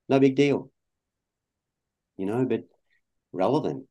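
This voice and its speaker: A man's voice: sits low, moderate pace, mellow. An Australian man, a guest in an interview, talking in a rambling way with many fillers and restarts. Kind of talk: conversational interview.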